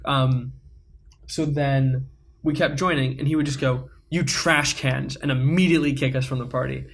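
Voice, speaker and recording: A man's voice: medium pitch, fairly even intonation, moderate pace, a little hiss or hum. Rambling teenage boy telling a story. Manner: rambling, many fillers. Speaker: podcast co-host. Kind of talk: casual storytelling chat.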